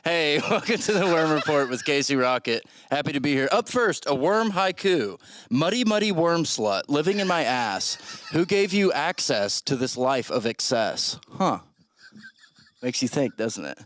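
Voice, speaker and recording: A man's voice: a little high, big pitch swings, normal speed, background noise. A man playing a giggly, crude presenter of a mock worm news segment in a comedy sketch. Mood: goofy.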